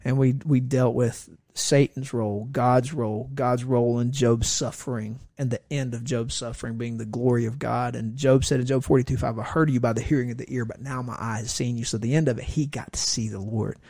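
A middle-aged pastor tells a story in a relaxed chat, slipping into the voices of the people he quotes. His voice has a gravelly rasp, and it is recorded dry and close to the mic. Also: medium pitch, brisk, hardly any pauses, dry recording.

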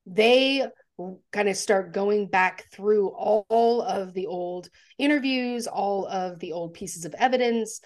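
A woman co-hosting a casual podcast, retelling a movie plot in an animated, storytelling way. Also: medium pitch, takes it slowly. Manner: animated storytelling with acted-out quotes. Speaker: podcast co-host. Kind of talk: casual film recap chat.

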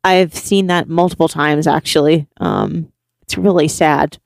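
A man with a fairly high, gravelly voice chats with his co-host. He mostly answers with short replies and reactions. The sound is dry and close. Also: fairly even intonation, measured pace, no room sound. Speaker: podcast co-host. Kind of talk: casual chat.

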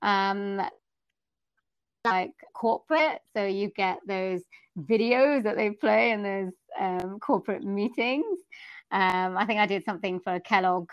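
A woman's voice: medium pitch, smooth, no room sound, lo-fi sound. Woman, Welsh accent, chatty, lots of fillers, dry sound. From South Wales, UK. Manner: chatty, many fillers, quick exclamations. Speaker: guest voice-over artist. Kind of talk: casual interview chat.

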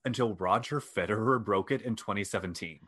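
A man with a somewhat low voice hosts a casual chat, walking his co-host through a story. He is wry and self-deprecating, and he sometimes reads aloud from his notes. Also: brisk, fairly bright tone. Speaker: podcast host.

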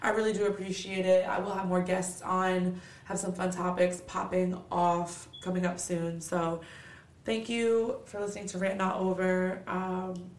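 A woman's voice: lowish voice, little pitch movement, measured pace, reverberant. A woman hosting a solo podcast, ranting in a candid, blunt, profane and motivational way, tired and with a stuffy nose. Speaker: podcast host.

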